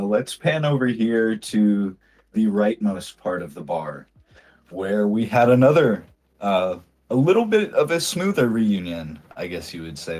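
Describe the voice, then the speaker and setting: A man narrating a tabletop role-playing game as game master, relaxed and full of fillers. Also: low-pitched.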